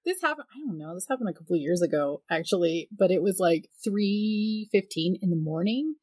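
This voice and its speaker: A woman in her thirties co-hosting a casual podcast chat, telling a story with animated delivery and acting out the voices of the people in it. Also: on the low side, fairly quick, breathy edge, no room sound. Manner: animated storyteller, acts out quoted voices, laughs often. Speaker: podcast co-host.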